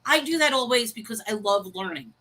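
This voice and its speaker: Speaking fairly quickly with lively intonation, this woman has a slightly high, sharp voice, recorded with poor audio. She co-hosts a casual livestream, chatting, laughing at her own pronunciation, and reading viewer messages aloud while saying hi to people.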